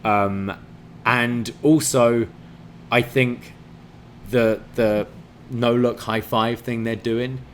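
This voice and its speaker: A man's voice: mid-range voice, fairly even intonation, extremely slow, pauses often, a little hiss or hum. A man reviewing a wrestling show in casual podcast chat, giving enthusiastic analysis with frequent fillers.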